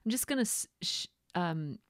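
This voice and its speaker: A woman chatting casually in a voice-over as she narrates her scrapbooking process, rambling a little and filling pauses with fillers. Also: lowish voice, animated, dry recording, clean studio sound. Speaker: scrapbooking vlogger.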